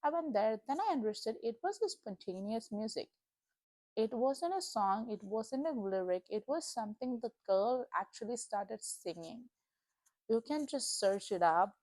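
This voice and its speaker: Her voice sits on the high side, animated and darkish in tone, at a moderate pace with no echo. A young adult Christian vlogger, she offers a casual, chatty testimony of her faith, earnest and emotional, with many fillers.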